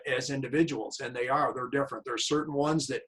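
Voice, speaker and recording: A man's voice: mid-range voice, fairly even intonation, quick pace, a bit bright, rough recording. Chatty man hosting a coaching interview. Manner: chatty, tells anecdotes. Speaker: host and tennis coach. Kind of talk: casual interview chat.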